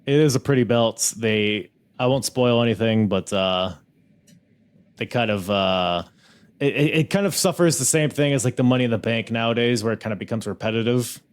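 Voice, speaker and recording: A man's voice: mid-range voice, normal speed, clean tone. A man hosting a wrestling podcast, chatting casually and joking with a guest. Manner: joking, laid-back banter. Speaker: podcast host. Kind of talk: casual chat.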